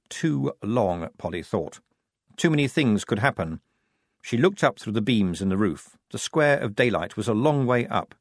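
A man reading an audiobook aloud with a wry, knowing touch. His pitch moves a lot, and the sound is close and dry, with no room tone. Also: lively intonation, moderate pace, no echo. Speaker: narrator. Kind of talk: audiobook narration.

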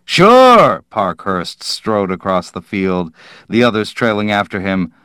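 Male audiobook narrator, low voice, deliberate pacing. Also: steady tone, fairly bright tone, smooth, no echo, studio quality. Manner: measured, deliberate reading.

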